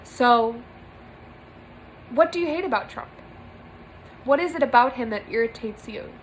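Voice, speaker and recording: A woman's voice: fairly high pitch, expressive, measured pace, slight background noise, poor audio. A young woman giving an earnest spiritual monologue to camera from a small room, emphatic and repeating phrases for stress. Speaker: spiritual vlogger.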